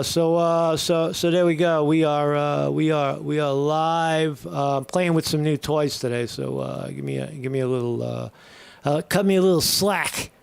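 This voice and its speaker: Man, live stream host, gravelly fry, slightly high pitch, rambling, irreverent. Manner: rambling, irreverent, heavy on fillers and restarts. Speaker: host of a live morning show. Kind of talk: casual live-stream chat.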